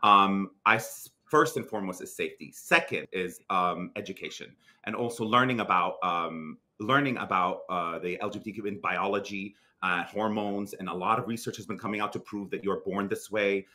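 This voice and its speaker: Bright-voiced Lebanese man, animated guest. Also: sits low, moderate pace, few pauses. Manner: animated, frequent restarts and fillers. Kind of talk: casual interview.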